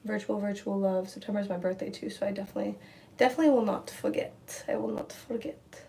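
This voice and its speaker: A woman's voice: medium pitch, steady tone, quick pace, creaky, mellow. A young woman livestreaming from home, rambling casually, repeating words and reading viewer comments aloud. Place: at home indoors, near a window.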